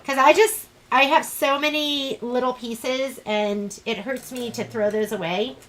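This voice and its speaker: A woman's voice: high-pitched, steady tone, unhurried, fairly bright tone, low-quality recording. A woman teaching a live online sewing class, chatting in a rambling, self-deprecating way as she works. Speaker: sewing instructor.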